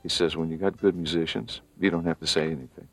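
A man in an interview, measured and reflective as he quotes a bandleader's advice. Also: deep voice, steady tone, fairly bright tone, soft background music. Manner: measured, quoting others.

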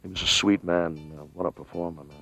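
A man's voice: low voice, steady tone, quick pace, gravelly, slightly rough, soft background music. A man in an interview, reminiscing fondly about a generous friend. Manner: warm, affectionate reminiscing. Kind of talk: reflective interview.

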